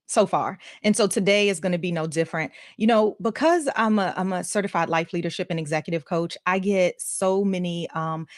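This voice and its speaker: A woman's voice: fairly low pitch, no echo, clean studio sound. A woman hosting a live coaching stream, enthusiastic and upbeat, with a folksy way of talking. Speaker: host and life coach. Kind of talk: energetic live-stream talk.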